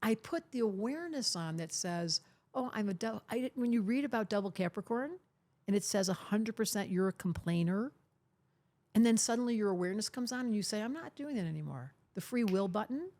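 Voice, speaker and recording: With a brisk, mid-range, slightly mellow voice, an older woman astrologer is interviewed on a podcast. She talks emphatically and teasingly and often acts out the voices she's quoting.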